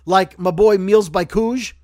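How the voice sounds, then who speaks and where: A man's voice: high-pitched, a little slow, darkish tone, dry recording, clean studio sound. A man from Brooklyn hosting a podcast in casual chat, rambling and joking as he corrects himself. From Brooklyn, New York. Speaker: podcast host.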